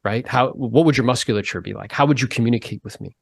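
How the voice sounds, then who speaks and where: A man hosting a podcast, talking in a casual interview style, animated and emphatic as he pushes his pitch up to stress points. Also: quick pace, creaky, breathy edge, no echo. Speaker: podcast host.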